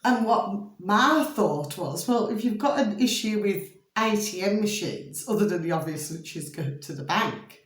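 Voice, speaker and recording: A woman's voice: medium pitch, animated, moderate pace, roomy sound. A middle-aged woman vlogging in a rambling, emphatic monologue, repeating pet phrases and often breaking into giggles. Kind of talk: rambling casual monologue to camera.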